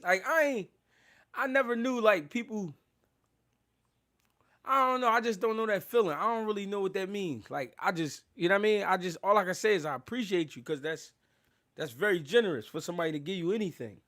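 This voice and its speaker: A man hosting a casual boxing live stream, talking loose and unscripted in street slang. His voice sits a touch high for a man. He rambles, laughs often and keeps thanking his viewers. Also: brisk, pushed and bright. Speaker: boxing livestream host.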